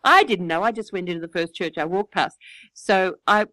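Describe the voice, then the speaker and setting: Speaking a little fast in a fairly low voice, an older Australian woman chats away through a lengthy, lively story punctuated by frequent laughter. The audio is poor, though without echo.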